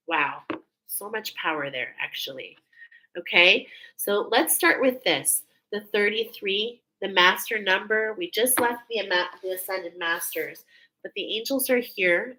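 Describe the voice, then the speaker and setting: A woman with a clear, bright tone reads oracle cards for her viewers. Her pitch sits in the middle range, and she talks in an earnest, searching way, repeating herself and filling pauses as she feels her way toward what she wants to say. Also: poor audio. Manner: earnest, repeats phrases, many pauses and fillers. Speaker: spiritual card reader. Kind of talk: intuitive oracle card reading to camera.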